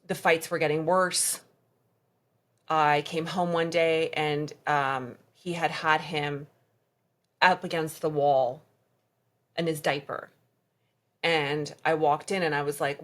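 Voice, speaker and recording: Woman guest, low voice, halting delivery that slips into reenacted dialogue, candid testimony. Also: fairly even intonation. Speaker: podcast guest. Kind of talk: personal testimony in conversation.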